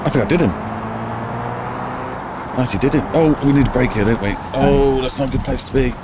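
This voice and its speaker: A man streaming a racing game, chatting excitably and reacting to every turn of the race. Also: medium pitch, fairly quick. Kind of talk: live racing game commentary. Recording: loud game car noise underneath. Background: loud racing car engine noise.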